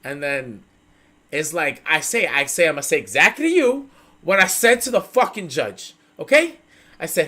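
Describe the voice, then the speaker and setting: A male host tells a story to his stream in a loose, profane, animated way. His voice swoops up and down a lot and sits a little high for a man. It has a bright, forceful edge. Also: moderate pace. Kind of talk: casual storytelling chat.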